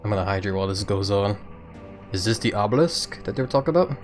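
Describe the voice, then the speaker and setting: A man's voice: on the low side, animated, fast, soft background music. Chatty man streaming with the hiccups. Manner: chatty, laughs often, thinks aloud. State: has the hiccups. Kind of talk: casual gameplay commentary.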